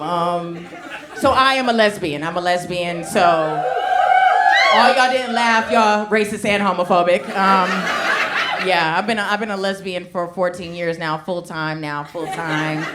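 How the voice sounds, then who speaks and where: A woman's voice: medium pitch, fairly bright tone. A woman, performing a brash, conversational stand-up set and talking straight to the crowd on a handheld mic. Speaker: stand-up comedian. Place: comedy club stage with a laughing audience. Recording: live club recording with clear background noise.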